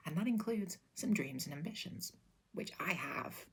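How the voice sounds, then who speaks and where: A woman telling an absurd deadpan story in a whispered role-play, her breathy whisper slipping between voices. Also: low-pitched, normal speed. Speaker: ASMR creator.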